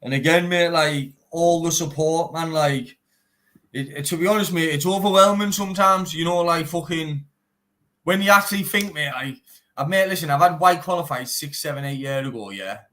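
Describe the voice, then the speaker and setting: Swearing northeast English fighter, pitched up. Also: male voice, normal speed. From Teesside, northeast England. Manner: animated, swears often, says "mate" constantly. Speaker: bare-knuckle fighter guest. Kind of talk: casual live-stream interview.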